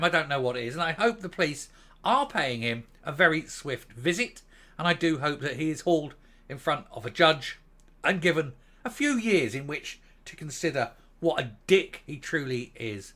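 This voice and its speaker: A man's voice: on the high side, pushed and bright. A Northern Irish man hosting his own channel, giving blunt, sarcastic opinion commentary with mild swearing. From Northern Ireland. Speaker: host of a political commentary channel.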